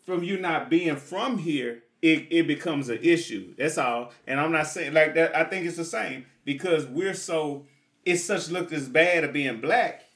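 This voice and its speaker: Man, co-host, relaxed chat, voice a touch higher than most, trails off quietly at phrase ends. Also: measured pace. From Houston, Texas. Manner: drops low and soft at phrase ends. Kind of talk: casual chat.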